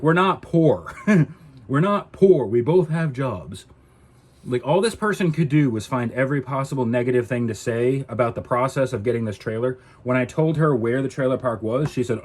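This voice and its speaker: A man's voice: mid-range voice, a little mellow, breathy edge. A man ranting to camera in a casual vlog, indignant and exasperated. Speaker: vlogger.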